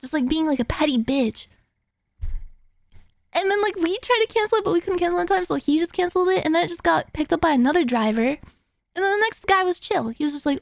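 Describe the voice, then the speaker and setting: High, gravelly-voiced young woman streamer. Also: fast. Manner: animated, filler-heavy, swearing, acts out quotes. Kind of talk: casual storytelling chat.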